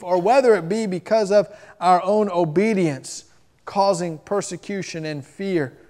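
A man preaching a sermon, emphatic, moving between loud stressed phrases and soft drops. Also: sits high. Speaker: pastor.

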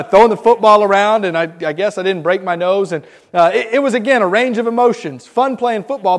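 The room sounds big as a high-pitched man in his thirties, from Miami, Florida, tells a group about his Christmases. He stammers and repeats words through his animated stories.

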